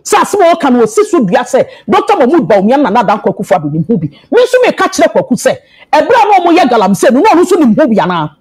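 A woman's voice: sits high, very animated, very fast, darkish tone, breathy edge, poor audio. A Ghanaian woman who is a party executive, arguing emphatically in a heated TV panel debate. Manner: impassioned, argumentative, emphatic. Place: TV studio.

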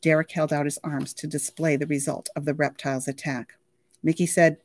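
Library reader doing a novel out loud, expressive and lively, dry close sound. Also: medium pitch, normal speed, no room sound. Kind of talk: reading a novel aloud.

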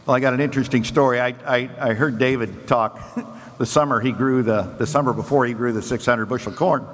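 A man moderating a conference panel and telling stories in an animated way, his pitch jumping up and down. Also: fairly quick. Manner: animated storyteller, pitch jumps up and down. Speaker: panel moderator and farm researcher. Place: conference session hall. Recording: long hall reverb.

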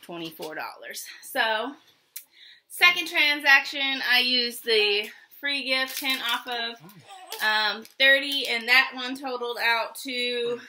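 Middle-aged woman vlog host, casual and rambling, laughs easily; high-ish, very bright voice. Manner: chatty and rambling, laughs often. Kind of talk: casual haul chat.

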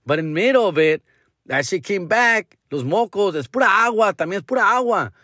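A male comedian hosts his podcast in a casual storytelling voice. He sits a little high in pitch and swings it widely. He swears freely and mixes in Spanish slang. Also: animated, a little fast, pushed and bright, no echo, studio quality. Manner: profane, slangy, drops Spanish words.

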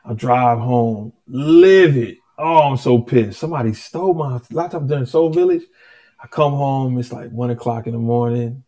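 Animated man telling a story. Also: mid-range voice, normal speed. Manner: animated, restarts often, acts out dialogue. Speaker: guest musician. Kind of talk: conversational storytelling.

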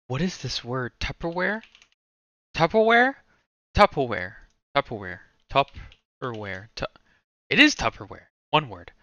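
A movie-ranking streamer talks to himself, rambling and swearing through casual thinking-aloud commentary. His medium-pitched voice is sing-song, a little slow, bright and forceful. The recording is lo-fi with no echo.

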